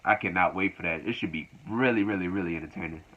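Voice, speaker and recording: A man's voice: low-pitched, quick pace. A man recapping a wrestling show casually, in a loose, repetitive retelling. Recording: dull lo-fi recording.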